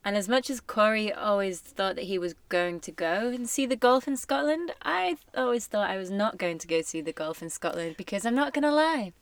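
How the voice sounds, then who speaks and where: A woman's voice: mid-range voice, expressive, no echo. A woman co-hosting a podcast in casual chat, playful and teasing. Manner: playful, teasing, quick laughs. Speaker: podcast co-host.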